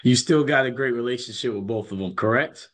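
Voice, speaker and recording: A man's voice: medium pitch, a little fast, fairly bright tone. A man who coaches basketball, telling stories in a casual interview, earnest and often repeating his words as he goes.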